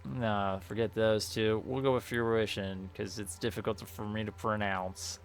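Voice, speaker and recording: A streamer with a fairly low voice keeps a measured pace and fairly even intonation as he plays. His casual commentary rambles, he fixes his own slips, and he reads the game's questions aloud against faint background music.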